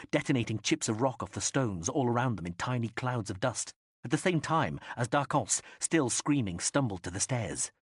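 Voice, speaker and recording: A man narrating an audiobook in a lively, expressive reading style. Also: medium pitch, slightly rough, dry recording, clean studio sound. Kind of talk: scripted narration.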